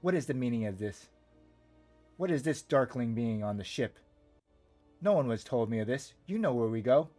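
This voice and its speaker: A man playing a haughty high-tenor overseer. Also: lively intonation, moderate pace, pauses often, mellow, soft background music, natural voice. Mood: indignant.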